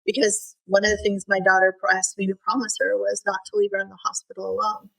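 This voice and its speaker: A middle-aged woman tells a personal story as a podcast guest, earnest and halting, her voice at an ordinary middle pitch. She often breaks off and restarts her sentences. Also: completely flat delivery, creaky, pushed and bright, rough recording.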